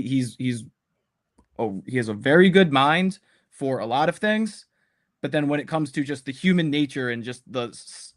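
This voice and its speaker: A man in a casual sports podcast, rambling through his views and leaning on "um" and "you know" between thoughts. His voice sits in a plain middle range, neither high nor low. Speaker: podcast panelist.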